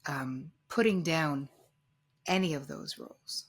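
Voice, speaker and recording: A woman therapist hosting a podcast interview, speaking thoughtfully with halting restarts. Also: sits low, slightly rough.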